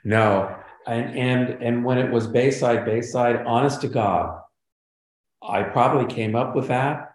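Speaking a little slowly at medium pitch, this older sitcom writer-producer guests on a casual interview. The room echoes as he animatedly recounts stories, performing the lines he quotes.

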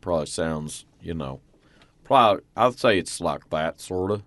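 A man's voice: low-pitched, expressive, moderate pace, fairly bright tone, no room sound. A man from Oklahoma chatting casually, rambling and trailing off with lots of fillers. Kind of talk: casual chat.

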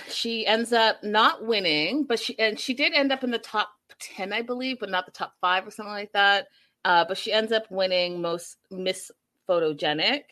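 A woman in her thirties chatting casually to her viewers as she recaps a reality show, animated and talking straight to them. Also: mid-range voice.

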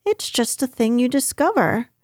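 A woman's voice: fairly high pitch, big pitch swings, normal speed, dry recording, clean studio sound. A woman voicing a cheerful, slightly bossy young boy leading his friends. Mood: confident.

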